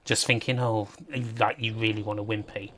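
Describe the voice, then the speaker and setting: A man's voice: fairly low pitch, flat delivery, moderate pace, fairly bright tone, a little hiss or hum. Chatty man streaming games. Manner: rambling, chatty, laughs often, talks to chat. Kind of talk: casual gaming livestream commentary.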